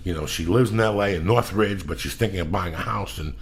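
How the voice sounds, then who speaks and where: A male podcast host telling a profane, blunt, animated story. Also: deep voice, fairly quick, breathy edge.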